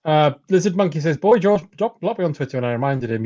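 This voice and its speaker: Bloke cohosting a podcast, dry rambling jokes, kinda dull muffled lo-fi sound. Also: male voice, a little high, animated, fast talker, warm tone, no room sound. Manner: dry, rambling jokes, reads out listener messages. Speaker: podcast co-host. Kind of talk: casual comedy chat.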